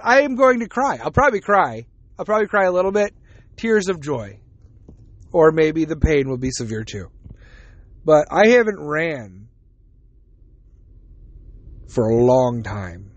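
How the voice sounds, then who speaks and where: A man's voice: fairly high pitch, no room sound. A man hosting a podcast, talking casually and rambling, with frequent swearing and self-deprecating asides. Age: adult with a child. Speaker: podcast host. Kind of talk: casual solo podcast monologue.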